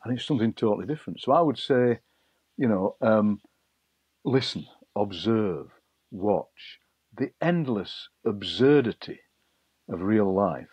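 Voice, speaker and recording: A middle-aged man, a poet being interviewed, telling lively anecdotes and acting out voices he overheard. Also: lowish voice, unhurried, slightly rough, dry recording. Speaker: poet and broadcaster, guest. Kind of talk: interview storytelling. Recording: dull lo-fi dry sound.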